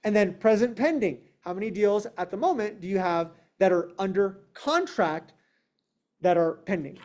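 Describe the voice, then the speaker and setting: A man's voice: high-pitched, expressive, normal speed, darkish tone. Confrontational man coaching a sales team. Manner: confrontational, emphatic, asks the room questions; acts out clients and agents in quoted voices. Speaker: real estate team leader. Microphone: online meeting, speaking to a video call.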